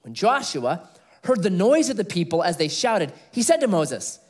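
A middle-aged man preaching an expository sermon, telling stories with animated delivery and laughing at his own jokes. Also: high voice, moderate pace, breathy edge. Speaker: pastor.

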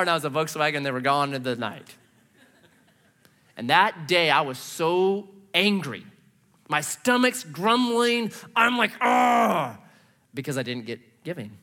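A middle-aged man preaching a sermon from a church stage. He tells personal stories in an animated, self-mocking way and acts out his own reactions. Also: fairly high pitch. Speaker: pastor.

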